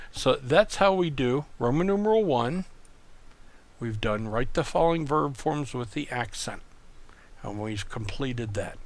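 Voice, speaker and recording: A man's voice: medium pitch, creaky. A man tutoring in a recorded online lesson, explaining patiently and methodically, often repeating words. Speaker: Greek tutor.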